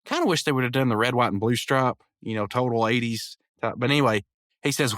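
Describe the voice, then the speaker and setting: A man hosting a podcast, eagerly retelling a cartoon episode with stammered restarts and quick character impressions. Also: mid-range voice, expressive, a bit bright, dry recording. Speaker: podcast host. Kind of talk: casual episode review.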